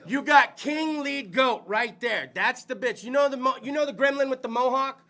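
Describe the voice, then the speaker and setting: A man hosting a podcast with loose comedic chat, profane and rowdy, often bursting into shouts. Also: very high voice, normal speed. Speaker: podcast host.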